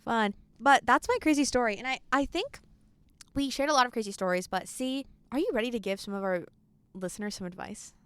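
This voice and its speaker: A teenage girl hosting a podcast, telling stories in a quick, animated, laughing way. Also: a little high, clean tone, dry recording. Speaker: podcast host. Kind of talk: casual chat.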